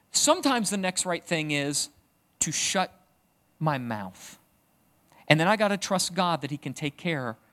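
A middle-aged man preaches a sermon in a loose, conversational way. His voice sits a little high and rises and falls widely for emphasis. He drops in joking asides to the congregation. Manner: conversational, self-deprecating asides, animated emphasis. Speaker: pastor.

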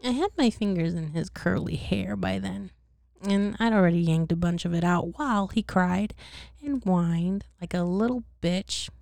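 Low, gravelly-voiced woman reading a bedtime story. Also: normal speed, a little mellow, no room sound, studio quality. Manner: casual, profane, laughing at her own slips. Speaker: reader.

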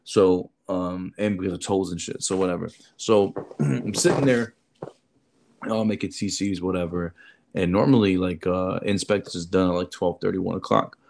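A man who works as a military recruiter, telling an animated story in casual chat and acting out the people he quotes. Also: low voice, moderate pace, creaky, slight background noise.

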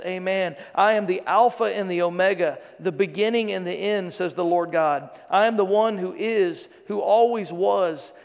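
High gravelly pastor preaching in a hall. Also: male voice. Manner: dramatic scripture reading with joking asides. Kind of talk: sermon with scripture reading. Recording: long reverb of a large hall.

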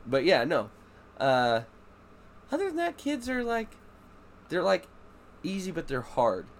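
A man's voice: a little high, wildly swooping pitch, a little slow, slight background noise. A man hosting a casual podcast, swearing freely and acting out his kids' voices in stories. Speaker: podcast host. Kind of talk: casual chat.

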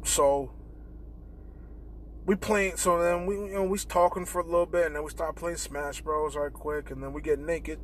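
A young man hosting a podcast, telling a profane, animated story in casual chat and acting out the dialogue. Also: on the high side, moderate pace, a little hiss or hum. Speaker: podcast host. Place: in a car.

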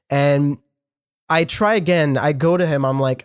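Animated, foul-mouthed young man telling a story. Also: fairly high pitch, unhurried, clean tone, no echo, studio quality. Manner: animated, profane, many fillers and restarts. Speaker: podcast co-host, audio engineer. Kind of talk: casual storytelling chat.

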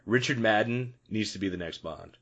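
Chatty low-voiced man reviewing a movie. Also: moderate pace, highs cut off. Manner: rambling, animated, laughs often. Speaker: podcast co-host. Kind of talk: casual movie review chat.

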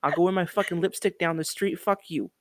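A woman putting on a brash, foul-mouthed, street-tough New Yorker with a New York accent, swearing and shouting. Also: lowish voice, fairly even intonation, a little fast, no room sound, studio quality, close to an everyday voice. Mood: brash, indignant.

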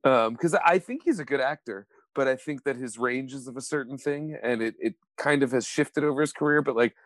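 A man's voice: medium pitch, brisk, no room sound. Playful, laughing male podcast co-host. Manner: laughing, swearing, playful impressions. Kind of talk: casual chat.

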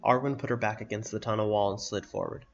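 A man reading a fantasy story aloud in a steady, even narration. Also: lowish voice, quick pace, vocal fry, highs cut off.

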